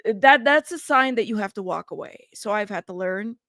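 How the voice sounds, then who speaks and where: Uma mulher apresentando uma live casual, conversando com o chat de forma tagarela, recomeçando frases, cansada e frustrada. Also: female voice, mid-range voice, animated, fairly quick, pushed and bright, no echo, studio quality. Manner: chatty, greets chat by name, rambling restarts. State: tired and frustrated. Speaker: livestream host.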